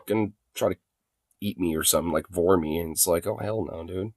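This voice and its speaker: A man's voice: low-pitched, fairly quick, darkish tone, no echo. Crude laughing man reacting to clips. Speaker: streamer reacting to video. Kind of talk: casual reaction commentary.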